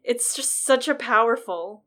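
A woman hosts a relaxed podcast chat, talking at a slow, deliberate pace. She is enthusiastic about her subject and explains poetic rhythm with spoken examples. Filler words like "like" run all through her speech. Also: fairly high pitch, soft background music.

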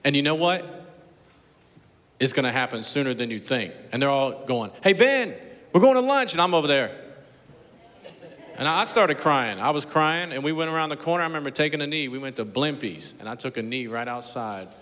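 A male pastor delivers a storytelling sermon from a church sanctuary. His middle-pitched voice drops to near-whispers and then climbs to loud, emphatic peaks. A long reverb trails every phrase through the big hall. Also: brisk.

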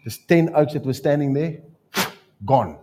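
South african guy preaching, joking around in his stories, voice a bit on the high side. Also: measured pace, slight background noise. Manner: storytelling, joking, animated asides. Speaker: pastor. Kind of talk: sermon.

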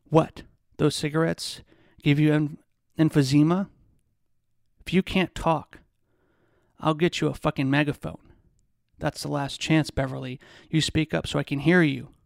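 A controlling man taunts and bullies in an even, calm voice, as a male reader voices him. The voice is gravelly with heavy fry and sits a little high, recorded dry and close. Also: measured pace, no echo. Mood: bullying. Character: menacing, controlling abusive man, cold and taunting.

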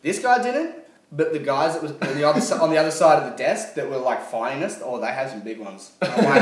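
A man, a guest on a casual podcast, telling an animated anecdote that often trails off quietly. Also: a little high, a little fast, echoey room, far from the mic, over a noisy crowd. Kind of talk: casual chat.

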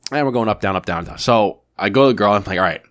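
A man's voice: on the low side, racing, a bit bright. A man in his thirties co-hosting a podcast, telling a story in casual, profanity-laced chat. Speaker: podcast co-host.

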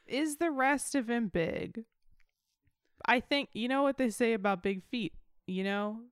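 A woman in a casual comedic chat, riffing playfully over a video call. Her voice sits a touch high. It is recorded close and dry, with no room sound. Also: unhurried, smooth, dry recording.

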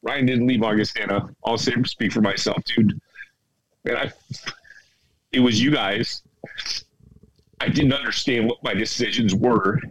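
A man's voice: medium pitch, steady tone, measured pace, pauses often, crowd noise, low-quality recording. A man insisting on having his say as he admits past mistakes to old friends. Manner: urgent, insistent. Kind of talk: emotional confession.

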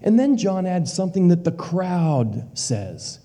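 A man preaching with emphasis, his voice pitched a little high but dark and mellow in tone. He repeats phrases for weight and sinks to a near whisper on key words. The sound carries a long, lingering reverb, as in a large church hall. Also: very animated, unhurried. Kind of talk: sermon.

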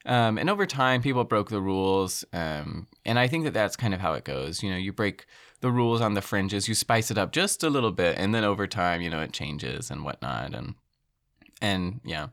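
A man's voice: low-pitched, lively intonation, moderate pace, creaky, fairly bright tone, dry recording, studio quality. A man in casual podcast chat who rambles through his thoughts with many fillers.

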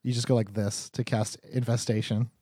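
A man's voice: mid-range voice, flat delivery, normal speed, warm tone, husky, no room sound, studio quality. A man narrating a tabletop game as game master, teasing his players in a playful way.

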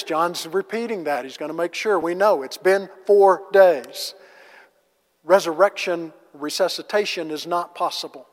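Man, Bible class teacher, fairly high voice, casual, rhetorical questions, long hall reverb. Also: a little slow. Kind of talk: conversational Bible lesson.

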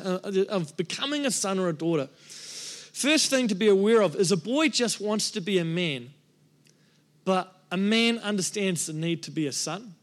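A middle-aged pastor with a high, light voice preaches from the pulpit. He tells his own story candidly, pokes fun at himself and acts out what people said. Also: fairly bright tone. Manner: candid, self-deprecating storytelling with acted-out quotes. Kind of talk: personal testimony sermon.

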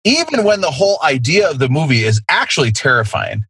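A man's voice: on the high side, brisk, breathy edge, dry recording. A middle-aged man hosting a podcast, chatting casually with lots of swearing and laughter. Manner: profane, animated, laughing. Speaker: podcast host. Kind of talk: casual chat.

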